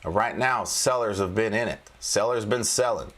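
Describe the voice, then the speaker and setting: A man's voice: on the low side, normal speed, fairly bright tone. A man hosting a casual livestream about stock charts, talking in a folksy, joking way with frequent restarts. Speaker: trading coach and livestream host.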